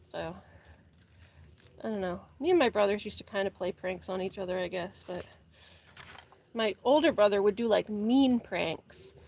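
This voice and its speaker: A woman's voice: medium pitch, moderate pace, long pauses, darkish tone. A young woman vlogger chatting casually while gardening, rambling, saying "like" a lot and laughing often. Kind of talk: casual chat. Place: garden, repotting plants.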